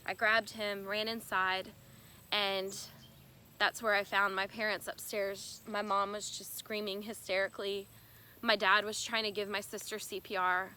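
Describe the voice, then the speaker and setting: A young woman giving a personal testimony in an earnest, halting, emotional way. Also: medium pitch, little pitch movement, sharp tone, a little hiss or hum. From United States. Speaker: bereaved sister telling her story.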